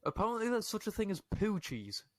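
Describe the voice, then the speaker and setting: A man's voice: high voice, very animated, brisk, crowd noise. A man co-hosting a casual comedy podcast, riffing and joking about odd facts. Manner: joking, riffs on absurd facts. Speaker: podcast co-host. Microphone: podcast mic in a live online session.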